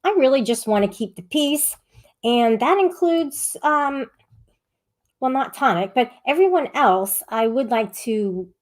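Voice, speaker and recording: A woman hosting a live-stream panel, chatting casually, reading the chat aloud and scolding viewers in a rambling, sharp manner. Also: fairly high pitch, animated, a little slow.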